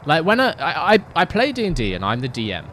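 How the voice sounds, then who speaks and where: A man's voice: a little high, wildly swooping pitch, quick pace, a bit bright, slight background noise. A young man streaming a racing game from his home setup on a headset mic, chatting in a rambling, self-deprecating way with giggly asides. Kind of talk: casual gaming live-stream chat.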